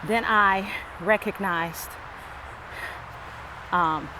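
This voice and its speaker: A woman stretches out her words in a medium-pitched voice over background noise. Walking a wooded lakeside trail and out of breath, she chats humorously with her viewers for a vlog shot on a handheld phone.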